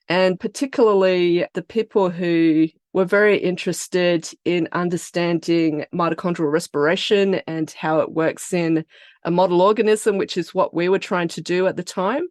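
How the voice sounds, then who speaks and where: A woman from Australia with an Australian accent, the founder of a biotech company, explaining her research and career in a relaxed, chatty podcast interview. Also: on the low side, no echo, studio quality.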